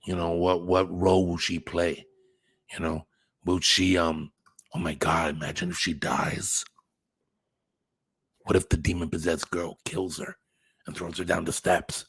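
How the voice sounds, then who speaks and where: A man's voice: deep voice, little pitch movement, unhurried, long pauses, a bit bright, breathy edge, no room sound. A man hosting a casual livestream, chatting with viewers in a rambling way, swearing now and then and thinking aloud. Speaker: channel host reading live chat.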